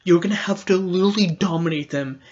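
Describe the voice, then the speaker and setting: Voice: mid-range voice, fast, darkish tone, lo-fi sound. A podcast host giving a casual political commentary monologue, rambling and sarcastic, often laughing.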